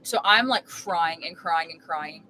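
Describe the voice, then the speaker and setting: A woman's voice: fairly low pitch, measured pace, sharp tone, slight background noise, poor audio. A young woman streaming live from her RV while making dinner, telling a long story in a rambling, emphatic way full of filler words. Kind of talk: casual storytelling chat.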